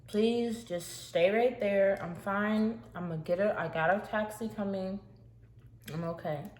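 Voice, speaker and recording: A woman's voice: mid-range voice, measured pace, darkish tone, lightly acted. A woman doing a scared, tense young woman. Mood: tense calm. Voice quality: tense, pleading, raised voice. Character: scared young woman trying to stay calm. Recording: echoey room, faint hiss.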